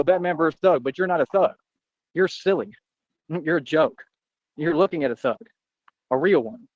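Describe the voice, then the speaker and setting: A man's voice: medium pitch, a little mellow, no room sound, highs cut off. A man on a livestream ranting in a boastful, confrontational, rambling way.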